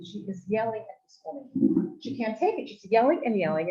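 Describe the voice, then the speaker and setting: A woman of medium pitch tells a story fairly quickly during her weekly live Torah talk, held in a community center's women's study hall. She delivers it animatedly, rising to shouting when quoting outbursts; the recording is dull, lo-fi and live.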